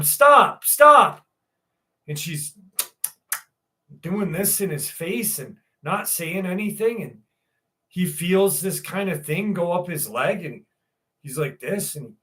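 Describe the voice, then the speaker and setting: A man hosting a live talk show, telling a crude, profane story in a casual way and building it up with pauses. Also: on the high side, fairly bright tone. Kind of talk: casual storytelling, acting out the characters.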